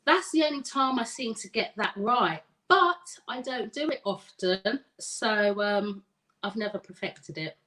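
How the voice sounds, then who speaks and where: A woman's voice: mid-range voice, expressive, low-quality recording. A middle-aged woman hosting a live stream, chatting with viewers and reading their comments aloud. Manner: slow, warm, chatty with viewers, laughs easily. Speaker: live show host and coach.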